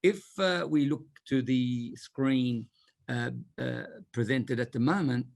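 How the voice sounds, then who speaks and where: A man's voice: mid-range voice, slow pace, no echo, clean studio sound. A man with a broad Australian accent giving a jokey, chatty presentation on an online panel over a video call.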